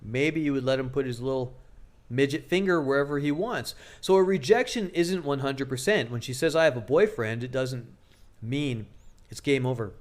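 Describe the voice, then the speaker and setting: A man's voice: mid-range voice, moderate pace. A man giving casual dating advice to camera, joking and crude, often acting out what people say. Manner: joking, crude, acts out quoted lines in exaggerated voices. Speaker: dating coach.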